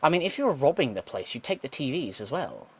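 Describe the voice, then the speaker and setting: A man's voice: medium pitch, sing-song, fast talker, husky. Wry young man riffing on a game. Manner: wry, sarcastic asides, thinking aloud; swears casually. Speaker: let's play gamer. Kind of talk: casual gameplay commentary.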